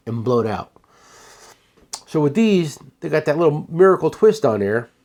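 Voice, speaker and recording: A man's voice: on the high side, a little mellow. A man who owns a tool shop, giving a casual, rambling sales demo of his products and often restarting his sentences. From United States.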